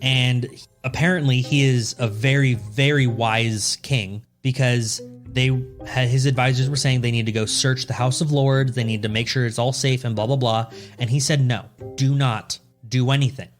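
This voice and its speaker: A man's voice: medium pitch, fairly even intonation, moderate pace. Guy cohosting a podcast, loose jokey storytelling, swears a lot, faint music behind. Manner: swears freely, joking and loose. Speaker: podcast co-host. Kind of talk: casual storytelling chat.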